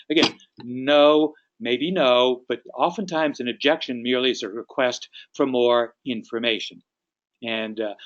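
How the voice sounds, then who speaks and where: A man's voice: mid-range voice, a bit bright, lo-fi sound. A man who leads a sales training session. He explains his points in an instructive way and acts out sample phone calls. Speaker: real estate sales trainer. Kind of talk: training talk.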